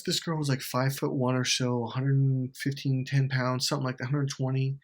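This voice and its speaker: A middle-aged man hosting a self-help video, telling a blunt, swear-heavy story in an animated monologue. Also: mid-range voice, moderate pace, few pauses.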